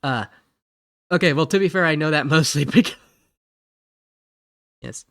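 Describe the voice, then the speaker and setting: A man's voice: fairly high pitch, unhurried, a bit bright, no echo, clean studio sound. A man from Ohio chatting casually while streaming a game, rambling, giggly and correcting himself as he goes. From Ohio, USA. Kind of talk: casual live-stream chat.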